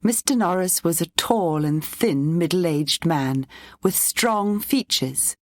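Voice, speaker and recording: Low-voiced woman reading a storybook. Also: expressive, slow pace, dry recording. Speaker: narrator. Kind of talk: storybook audiobook narration.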